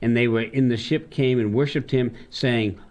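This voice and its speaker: A man, a pastor, talking through a Bible passage with a colleague and reading verses aloud slowly in old-style wording. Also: mid-range voice, steady tone, darkish tone. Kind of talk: conversational Bible discussion.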